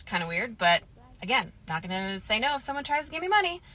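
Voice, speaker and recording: A woman telling a personal story to camera in a casual, animated, candid way. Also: fairly high pitch, fast talker. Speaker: storytime vlogger.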